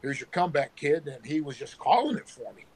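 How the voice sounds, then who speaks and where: A former pro wrestler telling animated stories with sound effects, talking on his phone from work. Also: a little high, brisk, breathy edge, rough recording. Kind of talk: casual storytelling.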